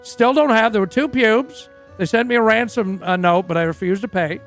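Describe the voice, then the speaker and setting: A man with a high, fairly bright voice plays a crude, boastful rock singer in a roleplay game, telling a rambling story stuffed with fillers at a moderate pace. The game stream comes from a dry studio, with faint music in the background.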